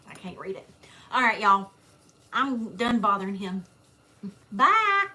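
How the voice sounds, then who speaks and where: A woman's voice: medium pitch, normal speed, pushed and bright. A woman, casually chatting and teasing during a livestream, reading out viewer comments.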